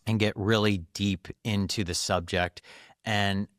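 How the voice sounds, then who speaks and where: A man with a fairly low voice talks through his points in an earnest, explanatory way. He laughs easily between thoughts. The sound is close and dry, a studio podcast mic. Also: fairly even intonation, unhurried, fairly bright tone, no echo. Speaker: podcast guest, runs a doctors' network. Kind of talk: conversational interview.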